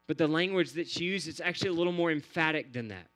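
Earnest male preacher, slightly high voice. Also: quick pace, few pauses, a bit bright. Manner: earnest, repetitive preaching cadence. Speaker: pastor. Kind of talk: sermon.

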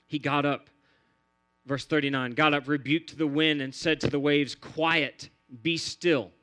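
A man's voice: fairly high pitch, level tone, normal speed, fairly bright tone, smooth. A man preaching a sermon in an earnest, repetitive cadence, building phrase on phrase. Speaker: pastor.

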